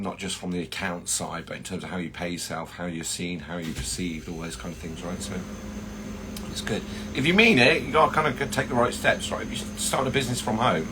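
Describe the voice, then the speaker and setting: A man's voice: on the low side, fairly bright tone, slight background noise. A man hosting a casual livestream chat, greeting viewers by name in a chatty way with plenty of fillers. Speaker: host of a chocolatier livestream.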